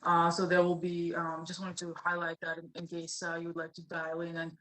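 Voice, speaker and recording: Woman manager kicking off a presentation, hesitant, monotone. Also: lowish voice, brisk, rough recording. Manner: hesitant, many fillers. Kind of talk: meeting presentation.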